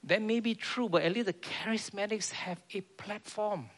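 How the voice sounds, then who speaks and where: A man's voice: high-pitched, normal speed, fairly bright tone. A man preaching a sermon in a church, earnest and repeating his key phrases.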